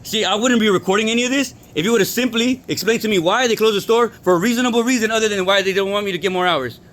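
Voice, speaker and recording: A man's voice: sits high, fast, fairly bright tone. A man filming on his phone inside a store, arguing in an agitated, repetitive way as an employee. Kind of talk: filming a workplace confrontation.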